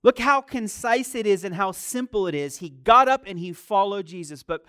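Preaching man, quiet to loud. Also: lively intonation, moderate pace, hardly any pauses, clear, resonant tone, no room sound, studio quality. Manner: swings from quiet storytelling to loud, high-pitched preaching. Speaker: pastor. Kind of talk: sermon.

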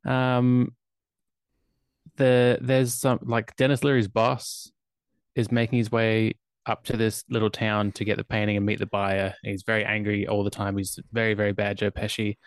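A man's voice: fairly low pitch, little pitch movement, normal speed, smooth, no echo. Wry Australian man recapping films. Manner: chatty, wry film recaps with filler ums. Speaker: podcast co-host. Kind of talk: casual chat.

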